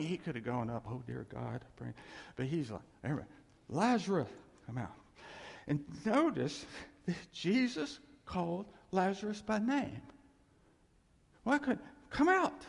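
Male pastor, sermon, animated and playful; gravelly, husky, long hall reverb. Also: high voice. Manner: animated, acts out quotes, laughs often. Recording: echoey hall.

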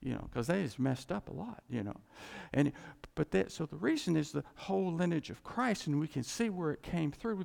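Male preacher, earnest, high and gravelly, recorded in a reverberant hall. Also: a little mellow. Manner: earnest, repeats and restarts phrases. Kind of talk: sermon.

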